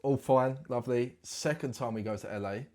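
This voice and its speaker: A man's voice: medium pitch, brisk, a little mellow. A man in his twenties, a guest rambling through a story with loads of British slang in casual interview chat. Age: 20s.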